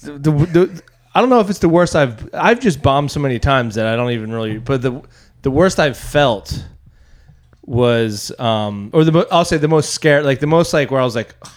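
A young man tells a comedy story in a loose, rambling way. He restarts his sentences often and now and then breaks into loud, shouted impressions of people. His voice sits at a middle pitch. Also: moderate pace. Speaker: stand-up comedian, podcast co-host. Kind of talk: casual storytelling chat.

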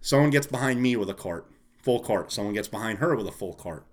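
A man's voice: on the low side, brisk. A man telling a story in casual chat, ranting and swearing with lots of energy. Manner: profane, animated ranting.

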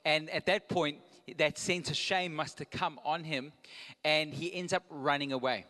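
A man's voice: a little high, steady tone, measured pace, pushed and bright. A man preaching a live sermon in a conversational way, with joking asides and restarts. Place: church auditorium. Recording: long hall reverb, live.

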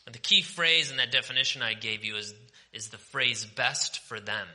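A male pastor preaching a sermon with passion, moving from forceful declarations down to hushed, almost whispered lines. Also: mid-range voice, normal speed. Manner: impassioned, swings from forceful preaching to near-whispers.

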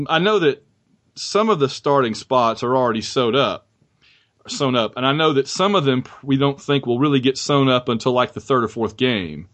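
Man, podcast host, rambling casual sports talk, mid pitch. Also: fairly bright tone. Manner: rambling, chatty, with restarts.

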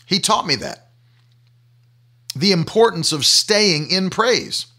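Man preaching a sermon, high bright voice, keeps repeating lines for punch. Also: sing-song, slow, husky. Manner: emphatic, repeats key phrases for stress.

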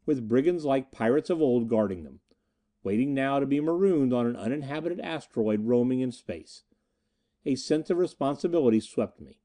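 A man narrating an adventure audiobook in the first person, reading in an expressive, dramatic way. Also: medium pitch.

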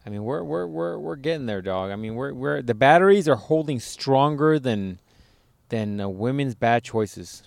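On a podcast, a male co-host riffs in crude banter full of swearing, bringing his stories to life with quick put-on voices. His middle-pitched voice is smooth and resonant. The recording is dry and close, with no room sound at all.

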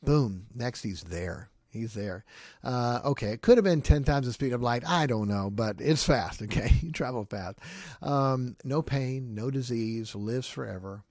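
A man hosting a podcast, giving an informal devotional talk in an animated, conversational way, often asking listeners questions. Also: medium pitch, a little slow, no echo, clean studio sound. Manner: animated, mimics groans, chuckles often. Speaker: podcast host.

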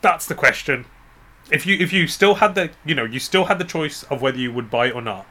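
Male co-host, bright ringing voice, jokey and giggly, loose banter. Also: on the high side, lively intonation, brisk. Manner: jokey, giggly, rambling wordplay. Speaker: podcast co-host. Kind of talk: casual comedic chat.

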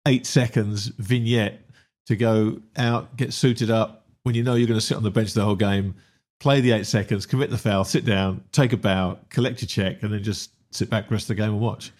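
A man co-hosting a casual sports podcast, talking in a dry, wry, unhurried way. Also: lowish voice, steady tone, darkish tone. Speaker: podcast co-host.

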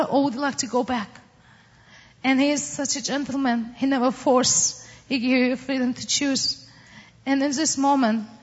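A woman from the Middle East telling her personal testimony in an earnest, halting way, with frequent fillers. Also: high voice, in a large hall, highs cut off. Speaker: testimony speaker.

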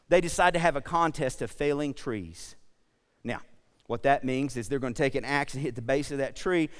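A man's voice: a little high, clean tone. A man preaching a sermon, fervent and storytelling, asking the congregation questions. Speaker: pastor. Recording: long hall reverb.

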